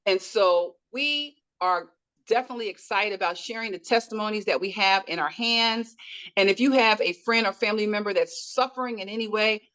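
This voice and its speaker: A woman's voice: medium pitch, a little fast, a bit bright, rough recording. A woman hosting a call-in wellness show, speaking in an upbeat, welcoming way as she introduces herself and her guest. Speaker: host.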